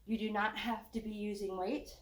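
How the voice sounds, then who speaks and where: A woman's voice: mid-range voice, little pitch movement, moderate pace, echoey room. An older woman leading a walking workout. She is out of breath, jokes, and sighs between her encouraging cues. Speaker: fitness instructor.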